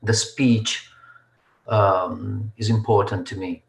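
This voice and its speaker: A man, a student in an online English class, answering in a halting, unsure way. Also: on the low side, steady tone, gravelly, slight background noise. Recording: echoey room.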